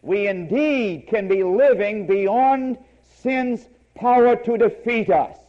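Man, sermon, high voice, emphatic delivery, muffled lo-fi recording. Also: slow. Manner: emphatic, repeating key words for stress. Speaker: preacher.

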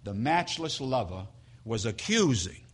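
A male pastor preaching a dramatic sermon in a church sanctuary, swinging from hushed to loud as he tells a story. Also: medium pitch, very animated, measured pace, breathy edge.

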